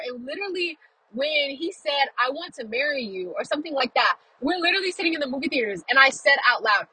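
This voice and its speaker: A woman vlogging a casual, chatty film review from her car while driving, animated and full of quoted reactions. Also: high voice, fast talker, poor audio.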